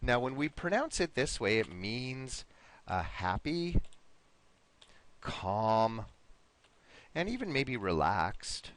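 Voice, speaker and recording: A man's voice: medium pitch, sing-song, slow, long pauses, fairly bright tone. A man teaching an online English lesson, patiently encouraging his students and modeling pronunciation word by word.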